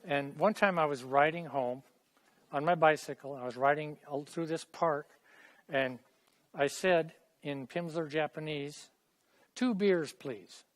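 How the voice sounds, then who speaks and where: A man's voice: a little high, fairly even intonation, a little slow. A middle-aged man teaching a language class in a classroom, chatty and repeating phrases for students to echo. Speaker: Hebrew teacher.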